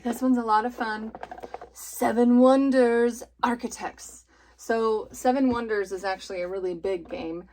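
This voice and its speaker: A woman's voice: medium pitch, a little hiss or hum. A woman in her thirties, a homeschooling mom, chatting enthusiastically about family board games and laughing often. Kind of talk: casual chatty review.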